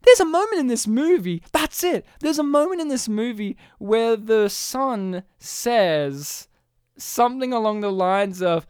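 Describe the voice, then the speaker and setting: A man, retelling a strange film for his co-hosts. His voice is smooth and resonant, recorded dry and close. He talks in an animated way and swears freely. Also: very high-pitched, measured pace, no echo. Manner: animated storytelling, swearing, laughing often. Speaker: podcast co-host. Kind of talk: casual movie recap chat.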